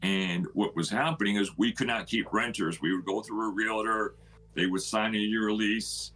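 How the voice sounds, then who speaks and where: A man's voice: lowish voice, moderate pace, a little hiss or hum. A middle-aged man, a homeowner, casually telling his story and acting out what other people said. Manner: animated, retells others' words with "he goes".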